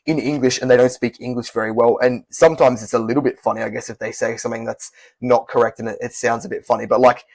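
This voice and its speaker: Brief: young guy, casual vlog advice, quick and rambling, husky tone, dry close mic. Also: medium pitch, little pitch movement, darkish tone, no echo. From Australia. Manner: fast, rambling, candid with self-corrections. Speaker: language learning YouTuber.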